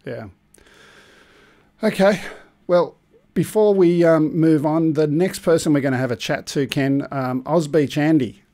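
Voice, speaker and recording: A man's voice: fairly high pitch, measured pace, mellow. Man, live-stream host, casual, joking, rambling. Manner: loose, joking, thinks aloud while working controls.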